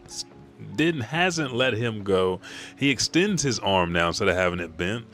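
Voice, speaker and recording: A man's voice: fairly low pitch, expressive, normal speed, a bit bright, soft background music. A man casually reading a comic aloud with offhand, profane commentary. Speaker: manga reader and commentator.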